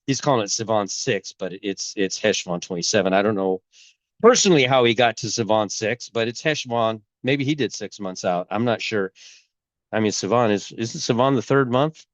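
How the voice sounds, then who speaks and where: A man hosting a casual religious commentary video, rambling and halting, with a cold and a sore throat. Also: fairly low pitch, dry recording. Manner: rambling, halting, many restarts. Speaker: YouTube host.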